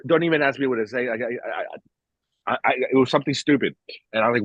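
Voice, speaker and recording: Profane ranting man, husky voice. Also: mid-range voice, a little fast, dry recording. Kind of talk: casual podcast chat. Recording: dull, slightly lo-fi recording.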